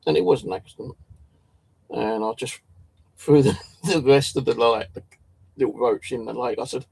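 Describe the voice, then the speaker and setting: Gravelly man rambling casually. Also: medium pitch, normal speed, darkish tone, no echo. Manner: swears a lot, restarts and stumbles. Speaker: channel host.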